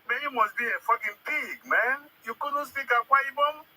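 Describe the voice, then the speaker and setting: A man's voice: extremely high pitch, moderate pace, sharp tone, low-quality recording. A man on a live audio chat, taunting and swearing at another speaker, repeating "man" and "bro". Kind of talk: mocking banter.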